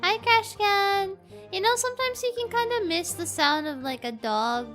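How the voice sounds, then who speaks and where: A woman's voice: extremely high pitch, lively intonation, moderate pace, fairly bright tone. A woman streaming a game and chatting casually with her viewers, reacting to the game and to chat as she plays. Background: faint game music.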